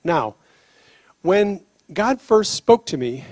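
Male preacher, high-pitched, lively storyteller, dry close sound. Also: slow, pauses often, dry recording. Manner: animated storyteller, laughs often, acts out dialogue. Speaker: preacher on healing ministry. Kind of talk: sermon with storytelling.

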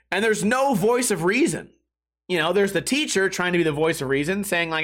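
A man's voice: high voice, a little fast. A young adult man ranting casually and profanely, acting out other people's voices. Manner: profane, animated, acts out yelling voices.

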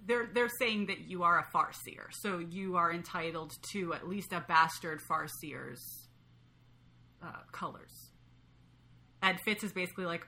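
A woman co-hosting a podcast, talking through a book in a relaxed, thoughtful way with hesitant restarts. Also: lowish voice, a little slow. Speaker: podcast co-host. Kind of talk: casual book discussion.

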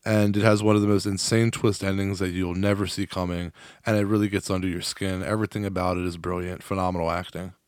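A man's voice: low voice, little pitch movement, fast, no echo, clean studio sound. A man co-hosting a podcast in casual chat, telling loose, profane stories and laughing often. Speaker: podcast co-host.

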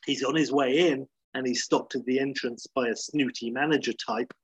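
A man's voice: mid-range voice, steady tone, normal speed, breathy edge, no room sound, dull audio. A man casually retelling a comedy episode, chatty and full of fillers. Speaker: comedy recapper.

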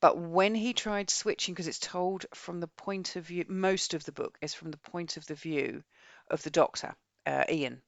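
A woman's voice: fairly low pitch, moderate pace, creaky, dry recording. A British woman co-hosting a podcast, chatting bluntly and expressively about a book she read. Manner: chatty, blunt and expressive, reads a synopsis aloud. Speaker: podcast co-host. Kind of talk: casual chat about books.

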